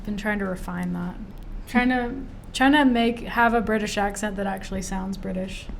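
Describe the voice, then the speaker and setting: A woman's voice: mid-range voice, normal speed, creaky, slight background noise. Chatty young woman co-hosting a podcast. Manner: chatty, laughs often, many "like" fillers. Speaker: podcast co-host, grad student. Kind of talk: casual chat.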